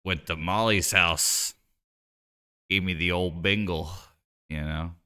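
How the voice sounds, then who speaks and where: Low, unhurried male streamer, rambling jokily. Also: fairly even intonation, pushed and bright, clean tone. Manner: rambling and joking, lots of "like" and "you know". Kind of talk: casual live-stream chat while playing a card game.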